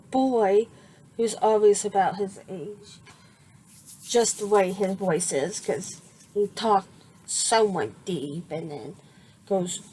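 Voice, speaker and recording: A woman narrating an improvised fan story, halting often and restarting her sentences. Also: mid-range voice, mellow, slightly rough. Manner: halting, with many fillers and restarts.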